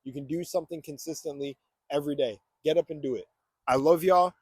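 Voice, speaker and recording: A man's voice: a little high, fast talker, dark tone, husky, dry recording. A young man giving a fired-up morning motivational monologue on spirituality, preachy and swearing freely.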